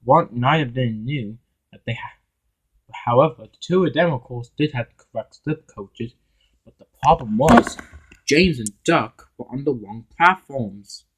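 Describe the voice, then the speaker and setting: A man reading an amateur fan story aloud, with halting delivery and frequent restarts. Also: medium pitch, animated, slightly rough, rough recording. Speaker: narrator and voice of all characters.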